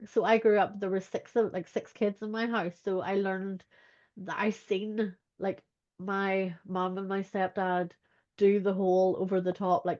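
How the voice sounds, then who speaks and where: A woman's voice: medium pitch, a little mellow. A woman, talking earnestly as a podcast guest, with "like" in most sentences. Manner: earnest, uses "like" a lot. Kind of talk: candid personal chat. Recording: dull lo-fi sound.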